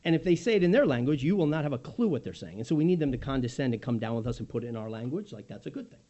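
A man preaching a sermon as pastor, swinging from loud emphasis to hushed, near-whispered lines. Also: medium pitch, expressive, very fast, muffled recording.

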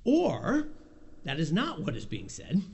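A man's voice: fairly high pitch, huge pitch swings, unhurried, creaky, slight background noise. A man preaching an expository sermon, reading scripture and acting out the voices of the Lord and Isaiah.

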